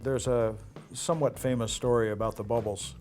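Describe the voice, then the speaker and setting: A man's voice: medium pitch, steady tone, brisk, darkish tone, faint music behind. An older man, a former casino dealer from Las Vegas, telling rambling anecdotes in an interview, with frequent filler uhs. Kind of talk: storytelling interview.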